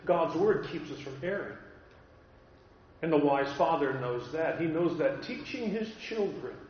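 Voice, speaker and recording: A man's voice: on the high side, expressive, unhurried. A man from California preaching a sermon, telling stories and repeating key phrases with emphasis, in a church hall. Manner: earnest storytelling, emphatic repetition. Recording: echoey hall, dull lo-fi.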